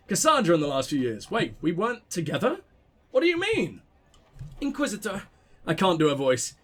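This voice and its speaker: High-voiced man reading game letters. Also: sing-song, moderate pace, fairly bright tone. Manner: casual, profane asides between readings. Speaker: gameplay commentator. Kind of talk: reading in-game letters aloud while playing.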